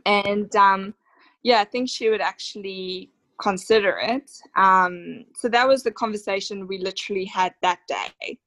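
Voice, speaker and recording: A woman's voice: mid-range voice, unhurried, fairly bright tone, poor audio. A woman in her thirties with an Australian accent, telling her personal story as a podcast guest in a heartfelt, emotional way with many fillers. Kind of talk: conversational storytelling interview.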